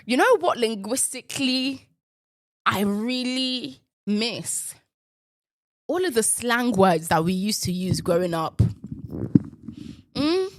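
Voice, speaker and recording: Playful woman riffing, deliberately lowered voice. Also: lively intonation, no room sound, clean studio sound. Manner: playful, riffing, with bursts of profanity; deliberately lowered voice while in a male persona. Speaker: podcast host. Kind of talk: casual solo commentary.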